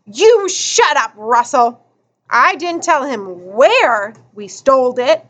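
A woman putting on a small, noisy boy of about eight who blurts and snickers in a storybook reading. Her boy voice sits high and bounces around. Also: very animated, slow pace, a bit bright, full character voice. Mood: defiant.

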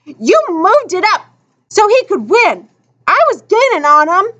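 A woman's voice: high-pitched, expressive, takes it slowly, pushed and bright, muffled recording, exaggerated voice. A woman voicing a boastful, taunting boy runner who talks in street slang in a storybook reading. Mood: protesting. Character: tough cocky boy runner, boastful and sore loser.

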